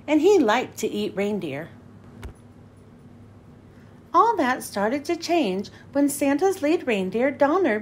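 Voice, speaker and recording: A woman reading a children's picture book aloud in an expressive, sing-song storytelling way. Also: sits high, a little hiss or hum.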